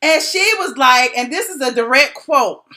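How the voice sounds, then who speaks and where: A woman's voice: high voice, normal speed, pushed and bright. A woman blogger spilling gossip in a casual live stream, talking animatedly with slangy asides into her phone camera.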